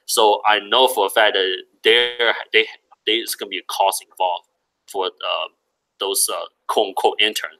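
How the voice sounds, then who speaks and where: A man with a lowish, very bright and forceful voice explains his point in a casual discussion. He talks haltingly, often pausing on fillers while he searches for words. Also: steady tone, rough recording.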